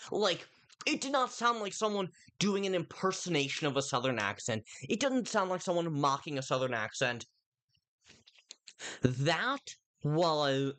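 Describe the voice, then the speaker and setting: Casual streamer voice, animated pitch, digressive, talks straight to chat, lots of false starts. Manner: rambling, with frequent self-interruptions and restarts; chats directly to viewers in chat. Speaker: livestreamer reviewing a film.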